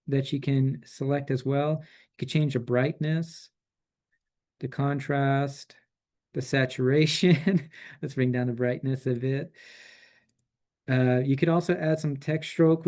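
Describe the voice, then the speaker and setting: A man presenting a software tool in a relaxed, chatty way, with frequent fillers and restarts. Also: a little high. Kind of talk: casual software demo.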